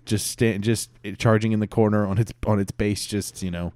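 Guy with a lowish voice riffing a silly improv story, dry close sound, keeps laughing and correcting himself. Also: little pitch movement, moderate pace, darkish tone, no echo. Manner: rambling, laughing, self-correcting. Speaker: podcast co-host.

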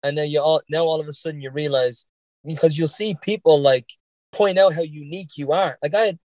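This podcast guest from Ireland speaks with a light Dublin-leaning accent carrying a hint of Boston, swearing, laughing a lot and rambling through stories in a casual interview. The voice is fairly high, brisk, steady and a little mellow, recorded dry.

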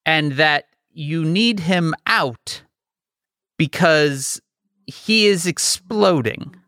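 A man co-hosting a casual political chat, profane and mocking, slipping into quick impressions. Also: on the high side, lively intonation, bright, forceful tone, no echo, clean studio sound. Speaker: podcast co-host.

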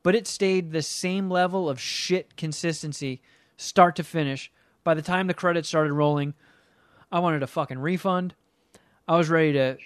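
A man's voice: on the high side, clear, resonant tone, dry recording, clean studio sound. A man on a podcast ranting about a movie he hated in a casual, profane, exasperated way. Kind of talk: casual comedic movie rant.

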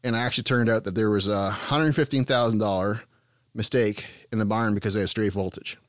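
A man with a low voice and an Eastern Canadian accent tells rambling, folksy anecdotes as a podcast guest, joking as he goes. He works with farms and talks about them in a casual way. The sound is dry and close. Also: steady tone, brisk, no room sound. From Ontario, Canada. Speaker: farm business consultant, podcast guest. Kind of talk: casual storytelling.

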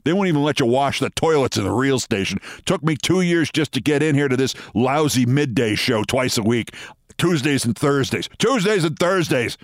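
A man voicing a cynical young male student disc jockey with a deep voice and a New York accent, talking sardonically. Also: expressive, normal speed, dry recording, clean studio sound, natural voice. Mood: sardonic. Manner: jaded, sardonic.

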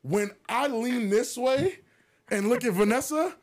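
A man co-hosting a podcast who tells a story in a casual, animated way, with plenty of swearing, and puts on the voices of the people in it. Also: very high voice, a little slow. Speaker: podcast co-host.

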